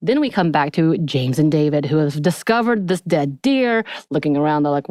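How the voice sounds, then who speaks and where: Low-voiced lady recapping a show on a podcast, super chatty, acts out the quotes, dry sound. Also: moderate pace, no echo. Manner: chatty, animated retelling with acted-out quotes. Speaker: podcast co-host. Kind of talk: casual TV recap chat.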